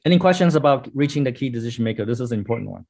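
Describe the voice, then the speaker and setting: A man's voice: medium pitch, animated, rapid-fire, creaky, darkish tone. A man teaching a sales class in a blunt, scolding way, swearing and quizzing his students. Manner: blunt, scolding, swears, acts out sample calls. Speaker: sales trainer. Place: training room with a class.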